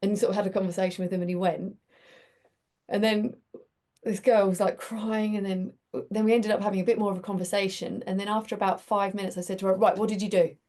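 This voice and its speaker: A woman's voice: medium pitch, level tone, fast talker, warm tone. A woman hosting a community group, talking in a chatty, reflective way and telling stories with many restarts. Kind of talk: casual reflective talk.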